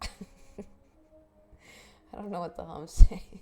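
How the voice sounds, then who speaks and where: A woman's voice: fairly low pitch, steady tone, slow, pauses often, dark tone. A young woman streamer chatting casually on a live stream, rambling, swearing and laughing often. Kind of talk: casual livestream chat.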